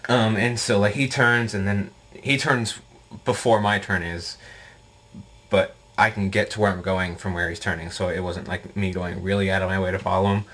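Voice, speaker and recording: A young man with a lowish voice tells a story to his camera in a rambling, casual way. He is animated and fills the gaps with likes and ums as the tale tumbles out. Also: moderate pace. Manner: rambling, animated, full of fillers. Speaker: video blogger.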